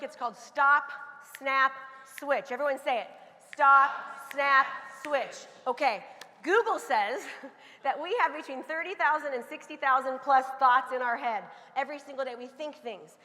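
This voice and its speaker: A bright, forceful woman delivers a motivational talk from a stage and leads the crowd in chants that she often shouts. Her voice sits high, and the recording carries the long reverb of a big hall. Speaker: motivational speaker.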